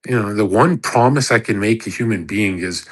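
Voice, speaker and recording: A man's voice: on the low side, normal speed, slightly rough. A man in his thirties hosting a live audio chat room, lecturing in an emphatic, profane casual rant. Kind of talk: casual ranting monologue.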